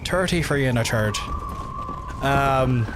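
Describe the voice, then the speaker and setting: A man's voice: medium pitch, lively intonation, takes it slowly, very noisy. Joking, foul-mouthed Belfast man streaming. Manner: joking, profane, rambling asides to chat. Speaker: game streamer. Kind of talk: casual gameplay commentary. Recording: game sounds under the voice.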